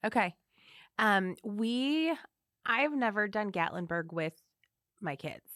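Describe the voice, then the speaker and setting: A woman with a St. Louis accent hosting a podcast, chatting warmly and encouraging her guest. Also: mid-range voice, expressive, dry recording, clean studio sound. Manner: warm, encouraging, quick affirmations. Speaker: podcast host. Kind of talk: casual interview chat.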